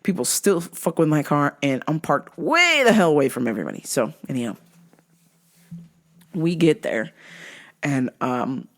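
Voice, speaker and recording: Host, woman; animated profane comedic storyteller with lively pitch. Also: normal speed, long pauses. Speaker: podcast host.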